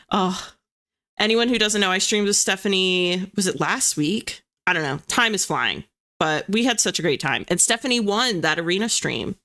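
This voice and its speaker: A chatty young woman hosts a writing livestream and reads out her viewers' messages. Her voice is bright and clear, with a very lively melody that swoops up and down as she talks. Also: mid-range voice, moderate pace. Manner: bubbly and chatty, reads chat aloud. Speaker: livestream host of writing sprints. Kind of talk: casual chat to live viewers.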